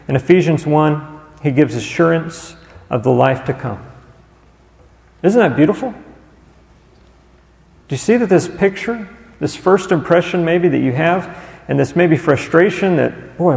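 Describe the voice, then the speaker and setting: Male pastor, sermon delivery, fairly high gravelly voice, long church-hall reverb. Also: darkish tone. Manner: rhetorical questions, pauses on listed words.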